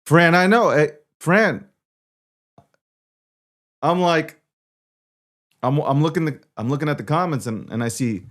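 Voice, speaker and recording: A man with a thick Brooklyn New York accent runs a live-streamed talk show, his voice sitting at an ordinary middle pitch. He talks in a brash, loose way, cursing casually, repeating lines and tripping over quick restarts. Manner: brash, swearing, repeats himself, stammering restarts. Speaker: show host.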